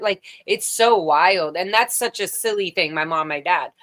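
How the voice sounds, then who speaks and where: A woman's voice: fairly low pitch, moderate pace, hardly any pauses, fairly bright tone. A woman hosting a casual video chat, rambling and chatty with many fillers and restarts. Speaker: livestream host. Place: home, on a video call.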